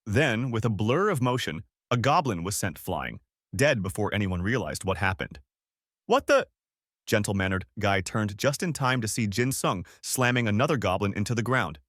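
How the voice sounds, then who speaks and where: A man telling a story recap in brisk, scripted narration, with a lively, swinging pitch. The sound is close and completely dry, with no room at all. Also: no echo.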